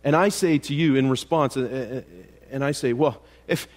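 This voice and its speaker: A man's voice: medium pitch, normal speed, darkish tone. A man preaching in church as pastor, often restarting his sentences and building to emphatic rhetorical questions. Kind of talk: sermon.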